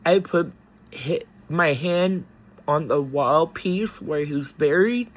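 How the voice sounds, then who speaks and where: A man talking in a personal vlog, halting and choked up, pausing often between words. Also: a little high, poor audio. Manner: slow, halting, with many pauses and fillers. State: tearful, choked up. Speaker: faith vlogger.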